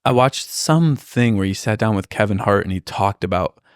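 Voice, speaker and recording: A man's voice: lowish voice, moderate pace, smooth, no echo, clean studio sound. A man co-hosting a casual podcast, rambling and laughing easily. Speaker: podcast co-host. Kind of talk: casual chat.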